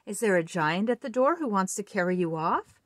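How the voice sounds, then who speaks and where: A woman voicing an old king and concerned father in a children's storybook read-aloud, asking in a loud, quick, high voice. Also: expressive, dry recording, clean studio sound, close to an everyday voice. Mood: worried.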